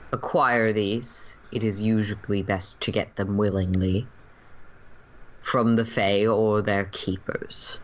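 A game master voicing a grave ancient fae spirit. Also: male voice, lowish voice, a bit bright, a little hiss or hum. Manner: slow, grave, formal pronouncements. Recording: muffled lo-fi recording.

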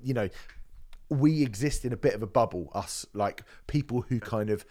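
A man hosting a casual music podcast, animated and sweary. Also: mid-range voice. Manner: animated, swearing, fast asides. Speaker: podcast host.

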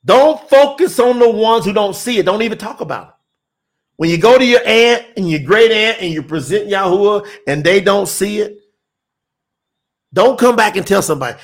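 A man's voice: high voice, animated, normal speed, pauses often. A middle-aged man, preaching in an emphatic, repetitive, folksy way during a livestream sermon to online viewers.

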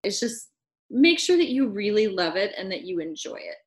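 Brief: female podcast guest, mid-range voice, steady and sincere advice. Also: medium pitch. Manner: measured, giving heartfelt advice. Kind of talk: casual interview chat.

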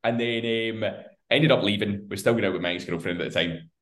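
A man's voice: fairly low pitch, fairly quick, a bit bright. A man with a Scottish accent, co-hosting a podcast, telling a long story in casual chat, swearing freely and laughing as he goes. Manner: swears freely and laughs through his anecdotes. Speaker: podcast co-host.

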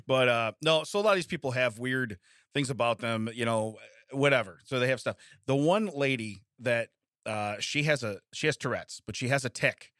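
A man's voice: medium pitch, normal speed, fairly bright tone, dry recording, clean studio sound. A middle-aged man from the United States co-hosting a casual chat, rambling through stories with frequent laughs and restarts. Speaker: podcast co-host.

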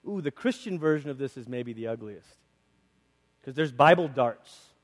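Animated pastor in a reverberant hall. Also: male voice, medium pitch, moderate pace. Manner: conversational, animated, acts out quoted voices. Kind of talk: sermon. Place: church sanctuary.

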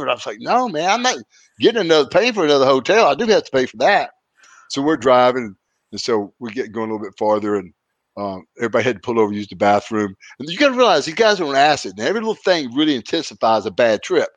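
A man's voice: mid-range voice, fast, dry recording. Easygoing guy spinning road stories, dry close mic, mid voice. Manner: laid-back, animated when quoting others. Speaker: podcast host, retired wrestler. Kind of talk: casual storytelling.

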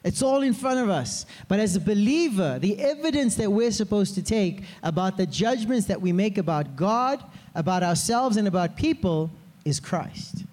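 A man preaching a sermon as pastor, in a lively way, often asking the congregation to repeat words after him. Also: sits high, moderate pace. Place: church hall. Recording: long hall reverb.

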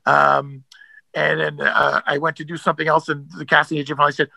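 A man's voice: a little high, completely flat delivery, fairly quick, vocal fry, sharp tone, no room sound, low-quality recording. A man, an actor, telling stories as a guest in a casual interview, rambling with many fillers and restarts.

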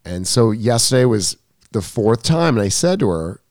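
A man talking as a tennis coach in a casual podcast chat, telling an animated story and acting out what was said. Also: fairly low pitch, moderate pace, no room sound, clean studio sound. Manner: animated storytelling, acts out quotes.

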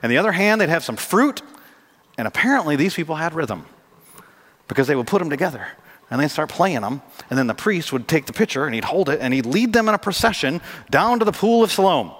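A man preaching a sermon as pastor, animated and jokey, acting out scenes for his congregation in a church. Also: fairly high pitch, a little fast. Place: church sanctuary. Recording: long hall reverb.

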